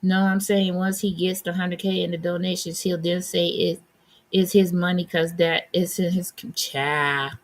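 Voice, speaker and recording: A woman's voice: fairly low pitch, flat delivery, normal speed. A woman hosting a live stream, giving blunt, sassy commentary and answering her chat. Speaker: livestream host.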